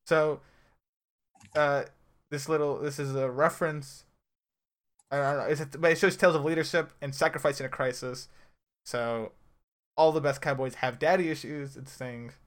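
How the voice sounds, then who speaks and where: A man co-hosting a casual chat about a TV episode, teasing his friend and laughing often. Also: mid-range voice. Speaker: podcast co-host.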